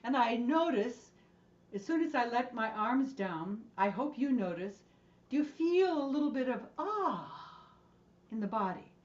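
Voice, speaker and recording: A woman's voice: on the high side, big pitch swings, a little slow, dull audio. A woman voice and choir instructor leading an online movement and singing class in a playful, encouraging way over a video call.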